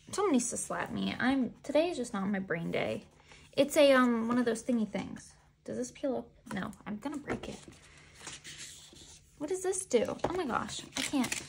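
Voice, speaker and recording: A woman with a fairly high voice and a gravelly, fry-laced edge gushes her way through an unboxing, talking straight back to the photos she finds. Her commentary is casual and excitable, recorded close with a faint hiss underneath. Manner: gushing, excitable, talks to the photos. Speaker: unboxing vlogger.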